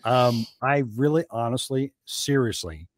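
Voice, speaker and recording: A man's voice: medium pitch, unhurried, no echo. A man from New Jersey, a guest on a podcast, telling stories in a casual chat and acting out the quotes. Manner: animated storyteller, acts out quotes.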